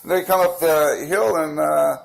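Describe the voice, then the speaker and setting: A man's voice: a little high, fairly even intonation, moderate pace, gravelly, rough recording. A man telling a personal account in a rambling, casual way, full of fillers and restarts, acting out the other people's quoted lines. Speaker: protester recounting events. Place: outdoors by a busy street.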